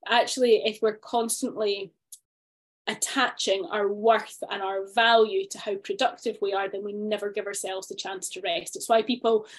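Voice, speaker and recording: A woman's voice: medium pitch, flat delivery, moderate pace. A woman co-hosting a podcast, talking in a reflective, chatty way with plenty of fillers and restarts. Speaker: podcast co-host. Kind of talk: casual chat.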